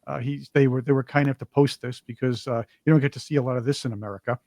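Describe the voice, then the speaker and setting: A man's voice: mid-range voice, fairly even intonation, racing, darkish tone, no echo, studio quality. A man co-hosting a casual political commentary talk show, mocking opponents and putting on whiny voices to imitate them. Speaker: podcast co-host.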